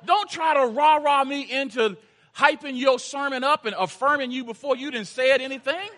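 A male pastor with a very high, bright voice delivers a storytelling sermon. He surges into loud, urgent stretches and then sinks into hushed, intense passages, with a ringing edge to his tone. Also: moderate pace.

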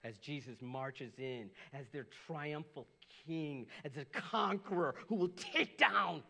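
A middle-aged man, a pastor, preaching a sermon, animated and swinging from loud bursts to hushed lows. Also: slow, vocal fry.

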